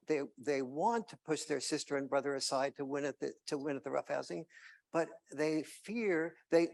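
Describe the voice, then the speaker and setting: Brief: male keynote speaker, storyteller, slightly high and gravelly, halting. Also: darkish tone. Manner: storytelling with hesitant fillers and restarts. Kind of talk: conference keynote.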